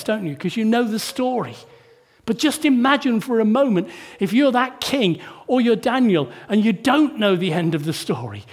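A man preaching a sermon in church, asking the congregation rhetorical tag questions and shifting between hushed and emphatic delivery. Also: high-pitched.

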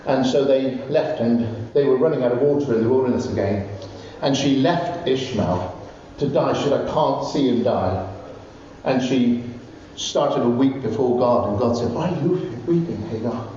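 Preacher in an echoey hall. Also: male voice, mid-range voice, moderate pace. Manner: animated storytelling, rising to loud exclamations. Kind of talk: sermon. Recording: distant, roomy, dull recording with faint noise.

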